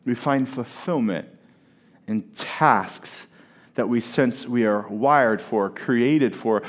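Man, pastor, sermon, slow unhurried delivery, earnest, drawn-out pauses, playful asides. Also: medium pitch. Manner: earnest, deliberate, with drawn-out pauses on key words; playful banter with the congregation. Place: church service.

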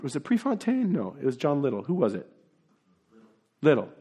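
Earnest preaching man, slightly high voice. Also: huge pitch swings, moderate pace, husky. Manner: earnest preaching, swings between quiet asides and emphatic rises. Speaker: pastor. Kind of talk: sermon.

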